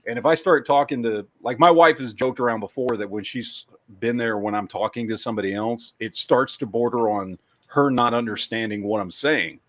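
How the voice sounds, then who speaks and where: A man's voice: mid-range voice, moderate pace. A man with a Texas accent hosting a casual podcast chat, rambling and swearing freely. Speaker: podcast host.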